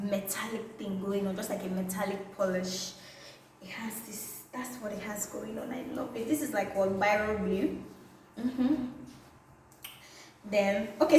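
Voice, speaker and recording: A young woman with a Nigerian accent, chatting playfully and excitedly in a casual vlog. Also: medium pitch, a little hiss or hum. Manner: playful and excitable, drawn-out catchphrases. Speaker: vlogger. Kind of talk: casual vlog showing items to camera. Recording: very echoey room, slightly distant mic.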